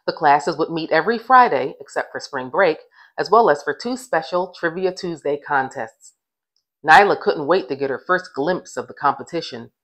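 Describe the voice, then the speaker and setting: A woman, the author, reading a middle-grade novel aloud with gentle, expressive storybook narration. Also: low-pitched, rough recording.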